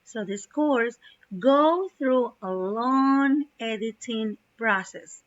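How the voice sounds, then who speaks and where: Slow, patient teacher woman. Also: on the high side. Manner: slow, explanatory, glosses words in Spanish. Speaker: English teacher. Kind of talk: classroom lesson, explaining a reading. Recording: dull lo-fi recording.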